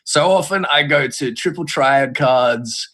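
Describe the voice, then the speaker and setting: A man's voice: medium pitch, measured pace, a bit bright. A man hosting a quiz segment on a podcast, talking casually, rambling and restarting his words, with the odd swear. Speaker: quiz host.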